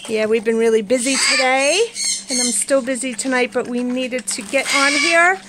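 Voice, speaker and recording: A woman's voice: high-pitched, moderate pace, very noisy. A woman vlogging from her home, chatting to viewers and cooing baby talk to her pet birds. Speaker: vlogger and pet bird keeper. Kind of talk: casual nightly chat to viewers. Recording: loud squawking birds behind.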